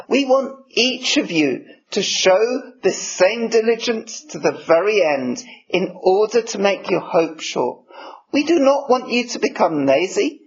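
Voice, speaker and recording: A man preaching a sermon. He reads scripture in a measured way and explains it. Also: high-pitched, gravelly, husky. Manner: measured, slow reading of scripture. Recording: dull lo-fi recording.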